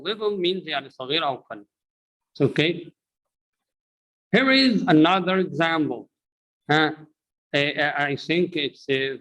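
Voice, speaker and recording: Bilingual teacher drilling pronunciation. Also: male voice, fairly high pitch, a bit bright, low-quality recording. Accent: Egyptian Arabic. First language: Arabic. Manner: drills learners with repetition, switching to Arabic to explain. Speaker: English teacher.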